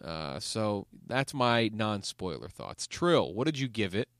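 A young man hosting a casual podcast, animated and casually swearing as he steers the talk. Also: on the low side, measured pace, clear, resonant tone, no echo. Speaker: podcast host.

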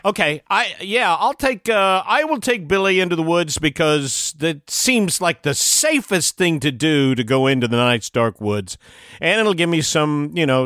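A playful man plays a tabletop game and jokes with the group. His pitch swings widely, and the recording is close and dry. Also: fairly bright tone, dry recording. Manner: joking, playful. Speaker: player.

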